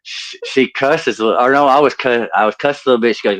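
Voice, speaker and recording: A man's voice: medium pitch, brisk, fairly bright tone, no room sound, poor audio. A man from the with a drawl, telling rambling stand-up stories and laughing at his own jokes. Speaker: stand-up comedian. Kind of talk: storytelling stand-up set. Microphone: home computer mic on video call.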